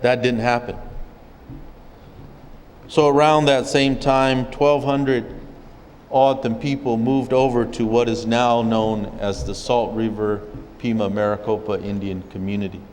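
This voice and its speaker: A man from an O'odham community in Arizona recounting his people's history as a speaker at a public forum, in a measured storytelling way. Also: medium pitch, level tone, darkish tone, big-room sound, slight background noise, poor audio. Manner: measured storytelling, occasional restarts. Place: legislative chamber at a state capitol.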